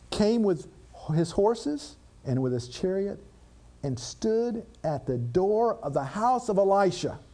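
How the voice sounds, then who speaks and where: A male preacher with a high voice that swoops up and down through his sermon. He reads old scripture aloud, then drops into plain, dramatic commentary, tossing rhetorical questions at his listeners. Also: warm tone.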